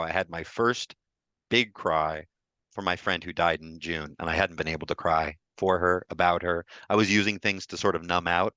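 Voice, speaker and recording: A grief therapist who co-hosts a mindfulness support group shares openly and emotionally over a video call, frequently restarting his sentences. His voice sits low, with a bright, forceful tone, and the recording is dry and lo-fi.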